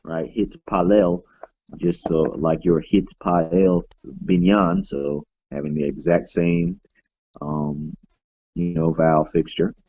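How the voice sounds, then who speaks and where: Male teacher, low dark gravelly voice, explanatory classroom delivery full of fillers, dull lo-fi classroom recording. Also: little pitch movement, slow pace, no echo. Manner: explanatory, frequent fillers and self-corrections. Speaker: Hebrew teacher. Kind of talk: classroom grammar lesson.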